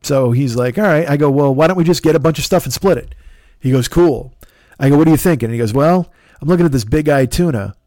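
Fast-talking, profane man telling a story. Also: fairly high pitch, no room sound, studio quality. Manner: profane, animated anecdote with quoted dialogue. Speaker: podcast host. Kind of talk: casual storytelling.

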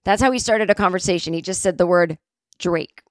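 A woman's voice: on the low side, a little fast, no room sound, clean studio sound. Rambling, self-mocking woman in her forties. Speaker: comedic storyteller. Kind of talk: casual anecdote telling.

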